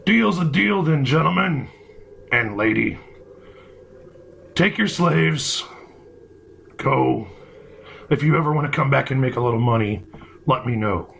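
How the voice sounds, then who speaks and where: A man voicing a brash, crude male captain who bargains from a castle wall, gruff and swearing. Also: medium pitch, animated, fairly bright tone, a little hiss or hum, heavily acted. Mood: dismissive. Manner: gruff, swearing, quick to anger.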